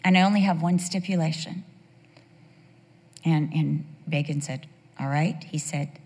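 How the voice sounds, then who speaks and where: A woman pastor preaches through her stories with animated energy, her voice a little husky. She sometimes sinks to a whisper for emphasis. The sound carries the long reverb of a big hall. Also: low voice, unhurried, long pauses. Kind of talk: sermon storytelling.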